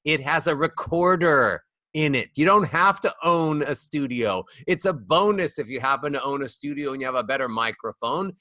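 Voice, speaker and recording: A man teaching as a voice coach guest on a podcast, animated and demonstrating rising and falling speech melodies. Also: fairly high pitch, moderate pace, few pauses, no echo. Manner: demonstrates speech melodies with sung-up acted examples. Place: studio.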